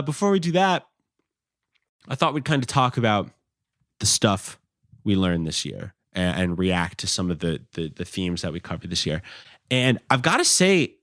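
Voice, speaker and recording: A young man hosts a podcast in a very low voice, talking casually and rambling with plenty of fillers and the odd curse word. The sound is close and dry, with no room to it. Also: no echo. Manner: rambling, lots of "like" and "you know", casual swearing. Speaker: podcast host.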